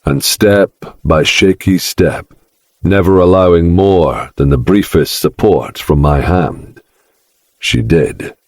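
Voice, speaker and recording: A man narrating a dark first-person romance audiobook in a slow, brooding manner. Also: deep voice, no room sound, clean studio sound.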